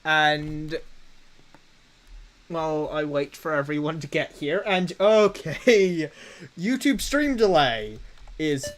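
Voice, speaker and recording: A man chatting casually on a live game stream, halting and self-mocking while he fumbles with his setup. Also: on the high side, expressive, fairly bright tone, a little hiss or hum, rough recording. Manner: halting, fumbling through tech setup with many restarts.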